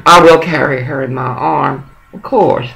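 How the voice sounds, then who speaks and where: A man's voice: mid-range voice, unhurried, creaky, pushed and bright. A middle-aged man on a one-sided phone call, rambling, coaxing and profane. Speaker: caller.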